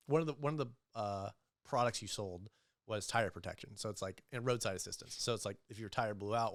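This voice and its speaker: A young man telling animated, profane sales stories as a guest in a casual podcast interview, acting out the people he quotes. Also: lowish voice, no room sound, studio quality. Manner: animated, profane storyteller who acts out quoted voices. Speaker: entrepreneur guest.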